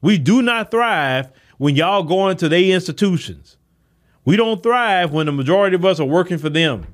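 A man's voice: sits high, animated, moderate pace. A man hosting a solo podcast, giving impassioned commentary in with rhetorical questions to his listeners. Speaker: podcast host.

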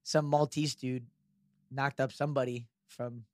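A man's voice: mid-range voice, level tone, measured pace, a little mellow, no room sound. A man co-hosting a podcast, chatting casually, teasing and telling stories. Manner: joking, teasing, tells anecdotes. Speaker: podcast co-host. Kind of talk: casual chat.

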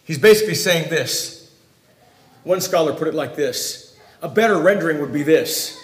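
A man preaching a sermon, emphatic, swinging between loud declarations and quiet, confiding asides. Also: fairly high pitch, animated, moderate pace, reverberant.

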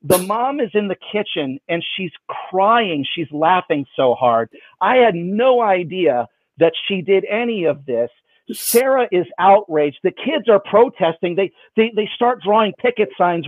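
High-voiced man telling a funny story. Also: unhurried, no room sound. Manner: animated, jokey storyteller. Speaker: magician, guest. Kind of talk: casual storytelling. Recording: dry, tinny phone-like line.

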